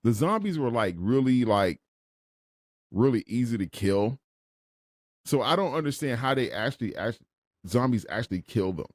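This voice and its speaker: A man co-hosting a casual movie review podcast, talking loudly and swearing freely as he riffs. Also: medium pitch, moderate pace, pauses often, no echo, studio quality. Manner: loud, animated, swears freely. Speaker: podcast co-host.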